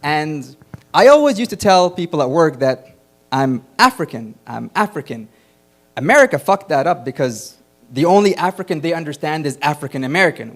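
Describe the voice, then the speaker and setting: Lively open mic host, teasing. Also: male voice, a little high. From Egypt. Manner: animated, teasing banter. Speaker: comedy show host. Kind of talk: stand-up hosting between sets. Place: small comedy venue on stage.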